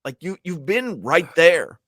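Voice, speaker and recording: A man's voice: on the high side, very animated, measured pace, a crowd in the background. A man hosting a sports talk radio show, chatting casually with co-hosts and reading listener mail aloud on a studio mic. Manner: conversational, reads listener emails aloud. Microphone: studio microphone.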